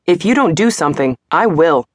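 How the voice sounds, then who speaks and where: A woman voicing a blunt, hot-tempered man who co-owns a club, in an audiobook, speaking tersely and forcefully. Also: deep voice, lively intonation, brisk, dry recording, studio quality. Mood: angry.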